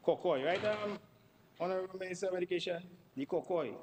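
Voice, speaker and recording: A man speaks in a parliamentary debate. He is emphatic and piles up repeated words for stress, in a somewhat high voice. The chamber adds a long reverb under a faint noise floor. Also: fast. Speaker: member of parliament.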